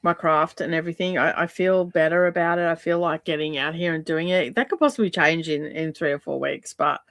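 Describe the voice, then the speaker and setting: Broadcasting live from a home craft room, this middle-aged Australian woman talks casually while she crafts. Her low-pitched, slightly bright voice moves a little fast, recorded at studio quality without echo, and she rambles with frequent ums.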